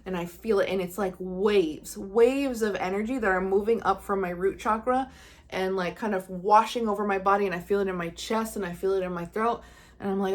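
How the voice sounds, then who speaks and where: Speaking briskly in a mid-range voice, a young woman who works as a psychic medium tells a personal story to her viewers. It is casual storytelling to camera, earnest, with her own thoughts acted out feelingly.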